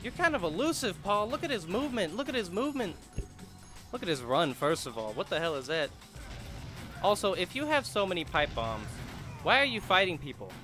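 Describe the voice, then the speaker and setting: Excitable young man doing game commentary. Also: sits high, a little fast, soft background music. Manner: excitable, swearing, laughing, talks to game characters. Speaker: gaming YouTuber. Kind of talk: let's play commentary.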